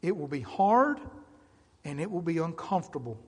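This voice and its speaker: A middle-aged male pastor preaching with passion, easing down into quiet, measured stretches and then swelling into loud, emphatic appeals. His voice sits a touch high for a man. It carries a long reverb through a large church sanctuary. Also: very animated, breathy edge. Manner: impassioned, building from quiet to loud emphatic calls. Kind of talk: sermon.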